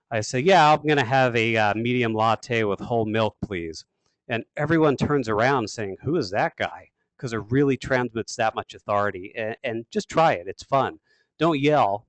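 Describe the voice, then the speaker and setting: A man giving a sales training webinar, talking quickly and with emphatic energy. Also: fairly low pitch, no echo. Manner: fast, emphatic, energetic delivery. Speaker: sales coach.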